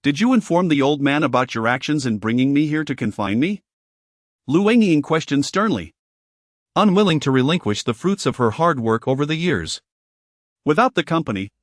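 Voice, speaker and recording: Dry, even male audiobook narrator. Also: on the high side, dry recording. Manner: even, formal storytelling.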